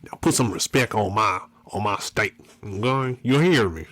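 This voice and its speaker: A man's voice: expressive, a bit bright. A man putting on a mock country drawl as a comic bit on a podcast. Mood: playful. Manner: slow put-on Southern drawl, raised pitch.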